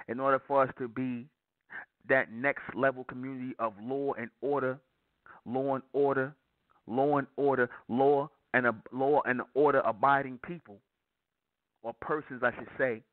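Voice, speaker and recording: A man's voice: medium pitch, no echo. A man giving an impassioned, preaching monologue to his listeners, repeating phrases over and over with heavy emphasis. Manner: repetitive, hammering, emphatic with restarts. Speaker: broadcaster addressing listeners. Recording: dry, tinny phone-like sound.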